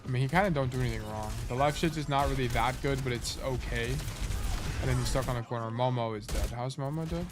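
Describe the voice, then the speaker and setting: A man's voice: medium pitch, fast, noisy background. Laid-back man coaching over a game replay. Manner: thinks aloud, trails off and corrects himself. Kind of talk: casual live-stream coaching commentary.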